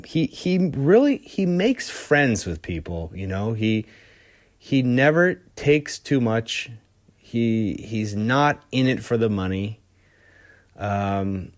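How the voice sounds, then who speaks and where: A man's voice: on the low side, darkish tone, dry recording, studio quality. A man hosting a podcast, telling a rock story in a loose, casual way with lots of fillers and the odd curse. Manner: loose and profane, many fillers and restarts. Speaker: podcast host.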